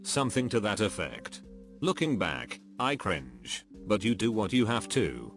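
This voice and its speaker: A man narrating a string of online stories in a flat, even storytelling delivery. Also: on the low side, unhurried, faint music behind. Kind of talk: reading online stories aloud.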